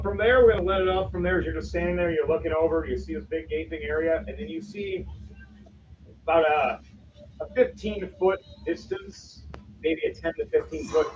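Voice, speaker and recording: A man narrating as game master in a lively, animated storytelling manner. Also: a little high, far from the mic, highs cut off, a little hiss or hum.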